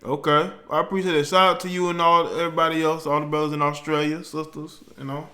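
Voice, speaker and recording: A man's voice: fairly high pitch, little pitch movement, fast talker, bright, forceful tone. A man hosting a live call-in talk show, chatting casually in slang, chuckling as he reads out viewer comments. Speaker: livestream talk show host. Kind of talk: casual livestream chat, reading out viewer comments.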